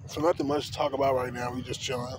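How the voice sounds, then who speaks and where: A man talks straight into his phone camera in a casual, profane rant, piling up filler words as he rambles through a story. His voice sits at a middling pitch. Loud vehicle noise runs behind him the whole time. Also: little pitch movement, fast. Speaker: vlogger.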